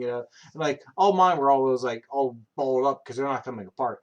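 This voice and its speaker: Man, thirties, rambling, casual, foul-mouthed, mid-pitched voice. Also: brisk, hardly any pauses. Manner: rambling, filler-heavy, profane storytelling. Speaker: streamer. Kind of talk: casual chat.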